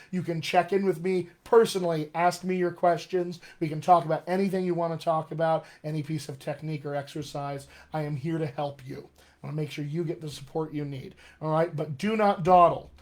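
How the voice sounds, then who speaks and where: A man working as a dialect coach, giving an upbeat, persuasive live-streamed talk to actors and often checking in with "all right?". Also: fairly high pitch.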